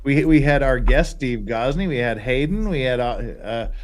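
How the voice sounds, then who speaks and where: Male stream host, exhausted, casual and profane, animated pitch. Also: normal speed. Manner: tired, rambling, swears casually. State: sleep-deprived. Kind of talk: casual livestream chat.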